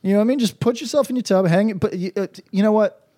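A man's voice: sits high, quick pace. A man co-hosting a comedy podcast, swearing constantly and riffing in loose, rambling rants. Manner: profane, riffing, swings into mock-patois shouts. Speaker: podcast co-host. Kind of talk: crude comedic podcast banter.

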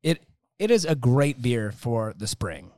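A man's voice: medium pitch, very animated, measured pace, a little mellow, dry recording, studio quality. A man co-hosting a casual podcast with a laid-back, wry manner. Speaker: podcast co-host.

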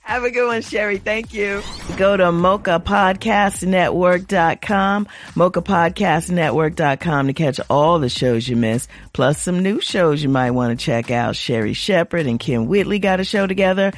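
A woman's voice: lowish voice, moderate pace, few pauses. Upbeat woman radio host. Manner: brief affirmations, upbeat sign-off. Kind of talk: radio interview.

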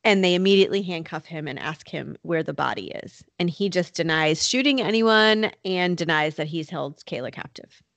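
A woman's voice: fairly low pitch, lively intonation, moderate pace, creaky, fairly bright tone, no echo. A woman hosting a podcast, telling a true crime story in casual chat, full of "like" and "you know". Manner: conversational, many "like" and "you know" fillers. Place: North Carolina.

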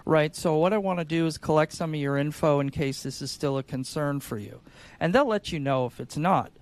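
A man with a fairly high speaking voice gives sales advice on a podcast. He talks in an animated, demonstrative way and slips into acted-out phone calls. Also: brisk. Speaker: insurance sales podcast panelist.

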